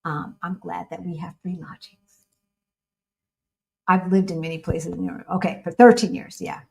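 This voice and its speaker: A woman's voice: fairly low pitch, moderate pace, gravelly. Chatty American woman on a livestream. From United States. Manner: chatty, animated, answers viewer questions. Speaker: co-host of a livestream. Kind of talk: casual livestream chat.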